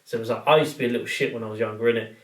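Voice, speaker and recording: A man's voice: medium pitch, very fast. Young man telling stories, roomy. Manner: storytelling, heavy slang, animated. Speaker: podcast guest or co-host. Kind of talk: casual chat. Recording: roomy, distant mic.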